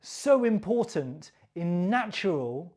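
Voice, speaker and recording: A woman teaching English pronunciation, modelling sounds and sentences slowly and clearly for learners to repeat, with encouraging praise. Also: lowish voice, very animated, mellow. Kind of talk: slow, clearly articulated pronunciation lesson.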